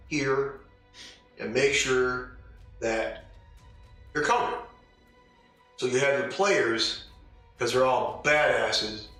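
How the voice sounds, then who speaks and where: A man's voice: mid-range voice, bright, forceful tone. A man hosting a podcast as a dungeon master, talking casually and bluntly, firing off emphatic rhetorical questions. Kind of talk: casual opinion monologue. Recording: very echoey room, distant mic, faint music.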